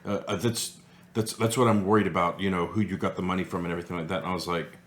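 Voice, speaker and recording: A man's voice: deep voice, fairly even intonation, racing, echoey room, slight background noise. A man co-hosting a casual chat show, joking and acting out quotes in silly voices. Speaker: podcast co-host.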